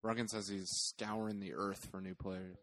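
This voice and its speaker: A man's voice: deep voice, normal speed, no echo. A man co-hosting a casual soccer podcast, joking, laughing and swearing as he talks. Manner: lively, laughing, swearing banter. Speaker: podcast co-host.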